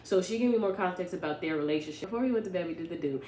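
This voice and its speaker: A young woman vlogger, telling a story in a casual, animated, rambling way and often correcting herself. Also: fairly low pitch, rapid-fire. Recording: echoey room with faint ambience.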